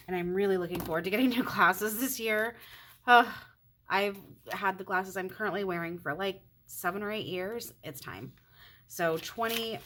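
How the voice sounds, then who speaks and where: A woman in her thirties chatting casually to her viewers while counting cash into envelopes, excitable and talkative. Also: mid-range voice, slight background noise. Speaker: budgeting vlogger.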